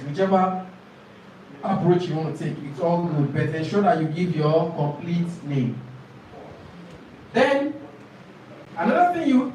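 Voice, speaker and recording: A man teaching a speaking-test lesson, repeating and modelling answers slowly and emphatically. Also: fairly high pitch, a little mellow, a little hiss or hum. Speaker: IELTS speaking coach. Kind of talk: classroom lesson to camera. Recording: very echoey classroom from far off.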